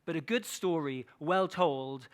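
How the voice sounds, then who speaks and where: A man's voice: a little high, measured pace. A man giving a keynote talk on storytelling to a large audience, playful and engaging, often asking the room questions. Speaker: keynote speaker. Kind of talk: conference talk.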